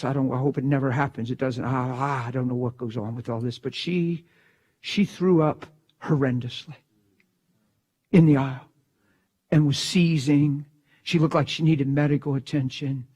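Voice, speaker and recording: A man preaching, telling a story in a hushed voice and then breaking into shouted bursts. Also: mid-range voice, husky. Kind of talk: sermon storytelling.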